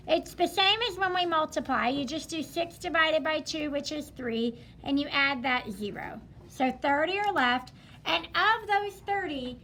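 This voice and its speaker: A woman's voice: high voice, a bit bright, slight background noise. A woman teacher leading a math lesson in a classroom, upbeat and repeating her students' answers back to them.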